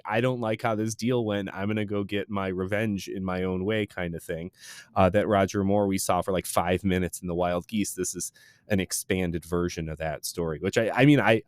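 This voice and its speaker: A man's voice: fairly low pitch, dry recording. A man co-hosting a podcast, chatting casually and rambling about a film. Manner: rambling, hedging with fillers. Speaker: podcast co-host.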